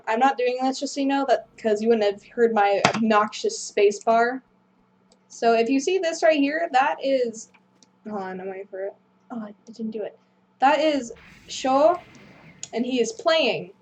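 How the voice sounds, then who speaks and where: A woman's voice: fairly high pitch, a little slow, a little mellow, a little hiss or hum. Rambling young-sounding woman gaming host. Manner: rambling, self-deprecating, apologetic. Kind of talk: casual gameplay commentary.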